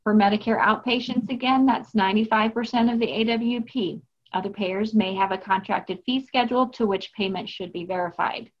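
A woman co-hosting a podcast walks listeners through billing rules in a measured, instructive way. Her voice sits at a middle pitch, and the recording sounds a little dull and lo-fi. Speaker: podcast co-host, billing expert. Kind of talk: scripted explanatory podcast talk.

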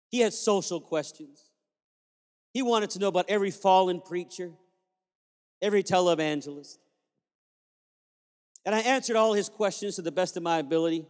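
High-voiced pastor preaching in a hall. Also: male voice. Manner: animated storyteller acting out dialogue. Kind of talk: sermon storytelling.

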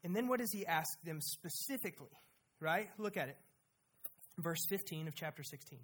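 A preacher giving a sermon with emphasis, asking the listeners rhetorical questions and shifting between quiet and loud delivery. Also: medium pitch, expressive, normal speed.

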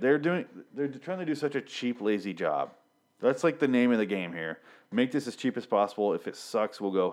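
A man's voice: lowish voice, expressive, moderate pace, darkish tone. A young man giving a casual, rambling TV recap, swearing often and restarting his sentences as he gets worked up and flustered. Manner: rambling, profane, frequent restarts and fillers. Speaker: TV episode recapper. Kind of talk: casual rant.

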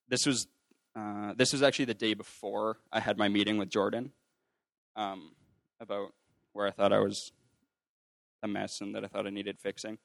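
A young man, a ministry student giving his testimony, casually tells a personal faith story, rambling with plenty of fillers and restarts and acting out other people's voices. His voice is on the low side with a fairly bright tone, and there's no echo.

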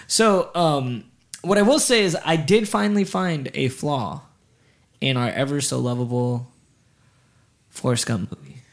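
A man co-hosting a podcast, chatting casually in an excitable way, telling stories and laughing often. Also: medium pitch, a little slow, vocal fry, pauses often. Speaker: podcast co-host. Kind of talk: casual chat.

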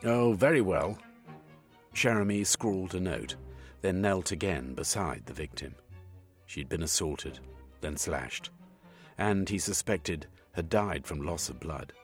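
A man reading scripted narration for an audiobook with expressive, varied intonation. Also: low voice, unhurried, soft background music.

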